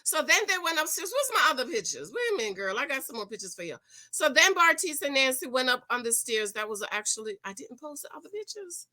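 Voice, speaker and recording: A woman recapping a reality show in animated, slangy gossip, acting out what people said. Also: sits high, fast talker. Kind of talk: casual gossip chat.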